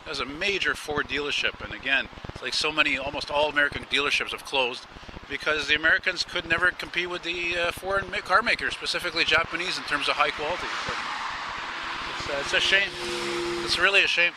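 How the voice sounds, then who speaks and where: A man's voice: a little high, fast talker. A man hosting a casual walking vlog, talking in a rambling, chatty, enthusiastic way as he strolls outdoors. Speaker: vlogger host. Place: outdoors on a busy city street, walking. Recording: traffic noise outdoors.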